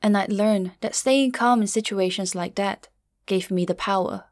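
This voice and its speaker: Quiet, measured woman telling a story. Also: medium pitch, no echo, clean studio sound. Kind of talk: first-person story narration.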